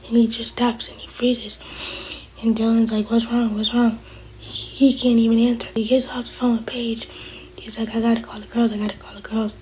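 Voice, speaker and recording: A woman's voice: a little high, darkish tone, a little hiss or hum, rough recording. A woman, casually recapping a TV episode and giving blunt opinions. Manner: opinionated, quotes characters in her own voice. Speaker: TV recap host.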